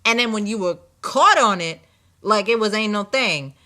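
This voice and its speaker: A young woman with a bright, clear voice tells a story from her day in an animated, exasperated way. She keeps slipping into the voices of the people she met. It is casual vlog storytelling. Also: mid-range voice, moderate pace. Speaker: vlogger.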